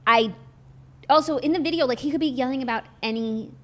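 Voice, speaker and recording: Relaxed woman gossip co-host. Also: sits high, brisk. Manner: relaxed, conversational, filler "like". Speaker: podcast co-host. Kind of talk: casual gossip chat and news reading.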